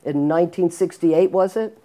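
An older woman hosting an interview, asking questions in a relaxed, conversational way. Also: lowish voice, moderate pace. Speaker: interview host, photographer. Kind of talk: casual interview.

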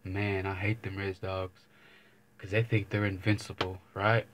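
A man's voice: low voice, little pitch movement, a little slow, background noise. A young man vlogging, telling a casual story to camera, rambling and swearing, often circling back with "but anyways.". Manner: rambling, profane, keeps saying "but anyways".

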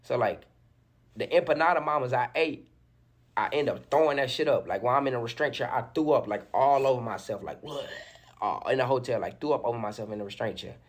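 A young man with a husky, slightly breathy voice tells a story in a casual, animated way. He talks in loose slang and keeps the tale rolling with constant fillers, at a middling pitch. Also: fast talker. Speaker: storyteller in a played interview clip.

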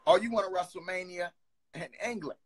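A young man in his twenties hosting a phone live stream, chatting casually and teasing his callers with quick banter. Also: high voice, slightly rough. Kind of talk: casual live video chat.

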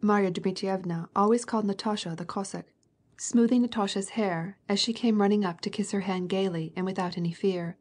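A woman narrating a classic novel as an audiobook, in an even, measured storytelling manner. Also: medium pitch.

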